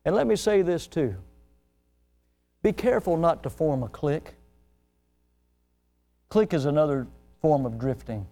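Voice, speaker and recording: High-voiced preaching pastor. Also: male voice, animated, unhurried, long pauses, mellow. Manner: preaching with sudden swells in pitch and volume, acting out quoted people. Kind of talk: sermon.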